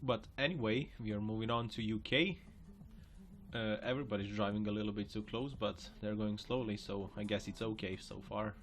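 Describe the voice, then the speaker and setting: A man's voice: on the low side, fairly even intonation, fairly quick, slight background noise. A man hosting a video, giving joking, chatty reaction commentary over clips and laughing often.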